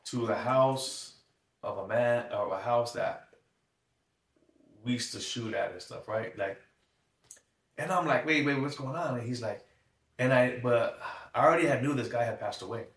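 A male guest gives a tearful, shaky personal testimony, acting out the dialogue in his story. His mid-range voice runs at normal speed with frequent pauses, recorded from a distance in an echoey room.

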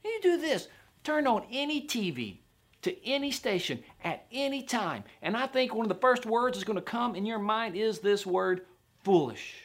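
Man, pastor, sermon, lively delivery, voice rising and falling. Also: normal speed. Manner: animated preaching, mimics skeptics in a higher voice.

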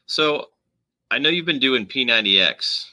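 A man's voice: mid-range voice, animated, sharp tone, no room sound. A man co-hosting a casual podcast, teasing and asking curious questions. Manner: curious, teasing, quick to laugh. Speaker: podcast co-host. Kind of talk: casual chat.

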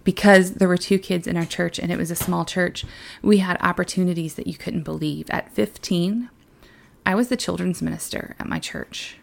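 Young woman doing a chatty devotional, lowish voice w some fry in it. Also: normal speed. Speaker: children's ministry worker. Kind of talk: devotional talk.

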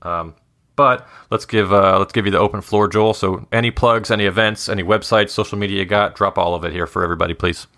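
Low-voiced man, bright tone, podcast host. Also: steady tone, fast talker. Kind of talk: casual wrap-up.

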